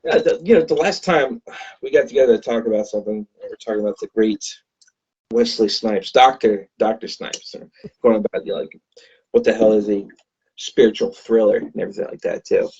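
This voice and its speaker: A man appears as a guest on a podcast, chatting casually and rambling with lots of fillers and restarts. His fairly low voice is brisk and darkish, with a breathy edge. The lo-fi recording sounds dull.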